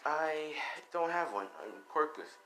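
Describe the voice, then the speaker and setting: A man voicing a timid young boy, answering in soft, meek replies. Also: on the high side, lively intonation, unhurried, background noise.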